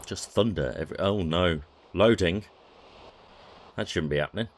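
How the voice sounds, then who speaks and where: A man's voice: low voice, moderate pace, a little hiss or hum. A man casually commenting on a retro adventure game, wry and self-mocking. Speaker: let's-play host.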